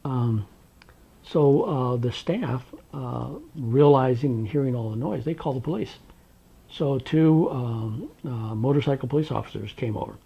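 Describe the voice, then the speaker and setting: A man from Washington state recounting his past in an oral history interview, unhurried and wry, with plenty of ums and uhs. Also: medium pitch, vocal fry, slightly rough, highs cut off. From Tri-Cities, Washington, USA. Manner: unhurried, wry storytelling with many fillers.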